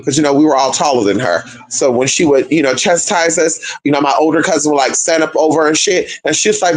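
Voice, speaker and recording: A man's voice: fairly high pitch, expressive, fast, hardly any pauses, rough recording. A young man telling a family story to viewers in a casual, profane, sassy way, calling listeners girl and honey. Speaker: spiritual content creator.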